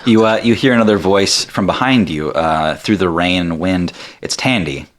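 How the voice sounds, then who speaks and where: A man narrating a tabletop game as game master, animated and laughing through the story. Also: low voice, moderate pace.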